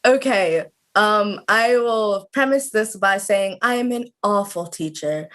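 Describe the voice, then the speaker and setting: A woman's voice: medium pitch, slow, fairly bright tone. Chatty young woman on a video call. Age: about 20. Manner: chatty, many "like" fillers. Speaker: student guest. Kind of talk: casual interview chat.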